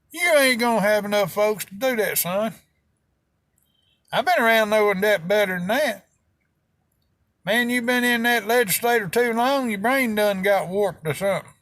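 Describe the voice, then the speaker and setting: Heated Southern man, high voice. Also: fairly bright tone, dry recording. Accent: Southern American. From American South. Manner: folksy, heated, rural Southern slang. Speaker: video host. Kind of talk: opinion rant to camera.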